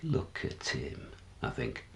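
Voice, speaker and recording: An actor playing a deluded, paranoid older man, confiding and jumpy, swinging from hushed to shouting, in a dramatic stage monologue. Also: slow pace, a little hiss or hum. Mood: conspiratorial.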